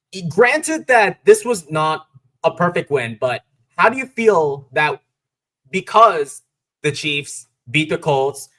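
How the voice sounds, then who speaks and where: A man hosts a casual football postgame stream, rambling and stacking up results in long run-on lists. His voice sits at an ordinary pitch, neither high nor low. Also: a bit bright. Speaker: podcast host. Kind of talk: casual sports talk stream.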